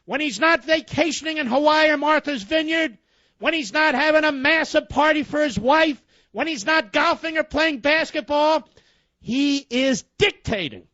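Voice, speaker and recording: A man's voice: extremely high pitch, normal speed, bright, forceful tone, no echo, lo-fi sound. A man hosting a talk radio show, delivering indignant, emphatic commentary full of rhetorical questions.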